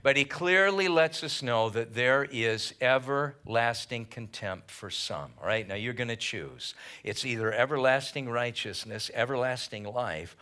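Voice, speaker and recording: A pastor preaching a midweek Bible study sermon at church, emphatic and animated, mixing scripture with casual slang. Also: male voice, medium pitch, unhurried, clear, resonant tone.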